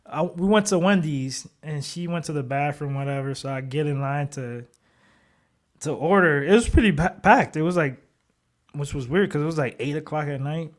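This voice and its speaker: Guy from ohio in his 30s, slightly higher voice, swears a lot and laughs through his stories. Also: normal speed. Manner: animated, profane, laughs a lot. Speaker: podcast co-host. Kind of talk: casual storytelling chat.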